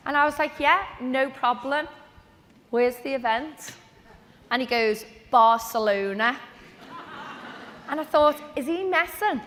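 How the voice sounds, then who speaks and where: A woman, giving a lively, chatty motivational talk on stage at a business event. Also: high-pitched, measured pace, long pauses. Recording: long reverb of a large hall.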